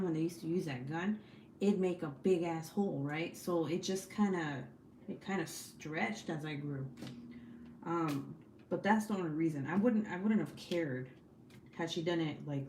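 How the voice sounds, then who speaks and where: A young woman with a fairly low, darkish voice hosts a casual livestream from home at night, chatting bluntly and talkatively with viewers and swearing freely. The room is echoey, with faint background noise.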